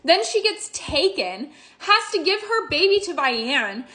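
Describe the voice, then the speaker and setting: High, bright, gushing woman book reviewer. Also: very animated, unhurried. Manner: gushing, emotional, swears casually. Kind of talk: casual book review vlog.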